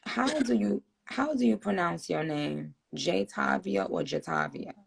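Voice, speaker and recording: On a phone-recorded livestream, a woman host with a mid-range, gravelly voice chats in a relaxed, drawling, unhurried way, her pitch swinging widely as she asks her guest questions. There's slight background noise.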